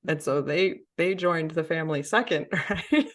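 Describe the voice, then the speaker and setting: A woman's voice: low voice, lively intonation, measured pace. A woman hosting a conversational podcast, talking reflectively and laughing often. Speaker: podcast host.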